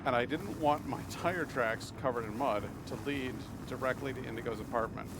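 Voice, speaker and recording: Animated man streaming a game. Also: mid-range voice, moderate pace, background noise. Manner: animated, swearing freely at the game; rambling anecdotes with restarts. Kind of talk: live gameplay commentary and storytelling.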